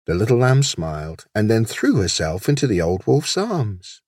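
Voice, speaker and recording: A man reading his own children's story aloud, expressive and gentle. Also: on the low side, normal speed, few pauses, slightly rough, no echo, clean studio sound.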